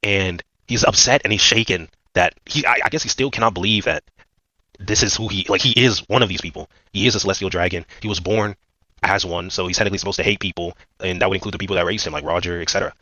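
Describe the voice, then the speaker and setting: A man's voice: low-pitched, fast talker, pushed and bright, no echo, muffled recording. A man giving a casual, rambling recap of a manga chapter, full of fillers and slang. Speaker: manga commentator.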